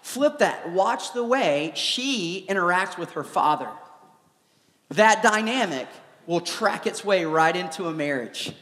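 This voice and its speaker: A man, a former youth pastor, giving a live preaching talk in an animated, joking storytelling manner in a large church hall. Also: high voice, measured pace. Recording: echoey hall with long reverb.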